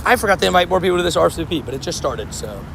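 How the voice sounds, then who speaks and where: High, gravelly chatty male streamer. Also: sing-song, very fast, noisy background. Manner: chatty, rambling, laughs easily. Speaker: live-stream host. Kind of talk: casual live-stream chat.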